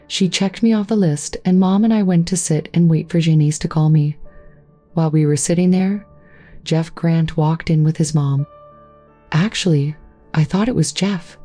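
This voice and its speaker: A woman narrating a first-person story in a steady, even reading voice. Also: low voice.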